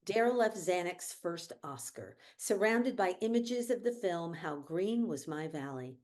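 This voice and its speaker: A woman reading stage directions aloud in a measured, descriptive way at a virtual table read. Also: fairly low pitch, expressive, darkish tone. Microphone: video call.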